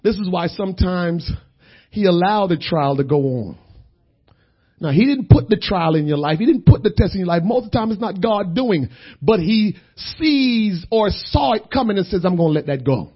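A man preaching a sermon who tells a story, going from quiet talk to shouting. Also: high voice, expressive, normal speed, slightly rough, lo-fi sound.

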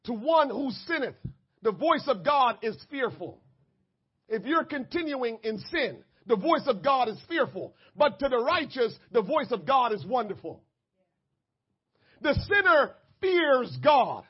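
Man, preacher, sermon, very high voice, shouted emphasis, dull lo-fi sound. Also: sing-song, a little slow, slightly rough. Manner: impassioned preaching, swings between soft asides and shouted emphasis; addresses the congregation directly.

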